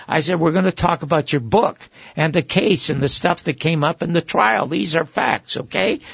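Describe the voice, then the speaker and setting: An older man, a guest, telling long anecdotes and acting out the quoted voices, with a gravelly, husky voice. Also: fairly high pitch, dry recording, dull audio. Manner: animated storyteller who acts out quoted voices. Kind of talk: anecdotal storytelling.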